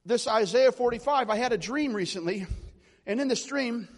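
High-voiced preacher in an echoey hall. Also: male voice, animated, normal speed. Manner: storytelling, builds to loud exhortation. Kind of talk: charismatic sermon.

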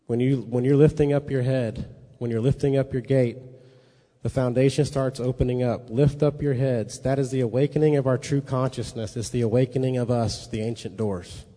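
This preacher's mid-range voice is warm, brisk, and fairly even in intonation. He teaches his sermon like a conversation, often checking in with listeners, and the hall's reverb lingers long.

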